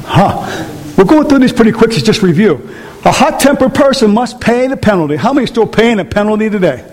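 Brief: male pastor, high voice, animated and jokey sermon, long hall reverb. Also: fairly quick. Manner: animated, joking, asks the congregation rhetorical questions.

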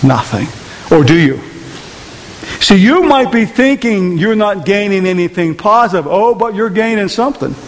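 A man's voice: high voice, lively intonation, normal speed, in a large hall. A man preaching a conversational sermon in church, often asking the congregation rhetorical questions. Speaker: pastor. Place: church hall.

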